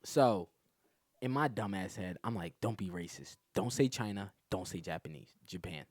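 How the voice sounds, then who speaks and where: A man's voice: low voice, normal speed, no room sound. A man, a comedian guest on a podcast, telling a story in casual talk, acting out what other people said and laughing often. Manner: animated, acts out other people's lines, laughs a lot.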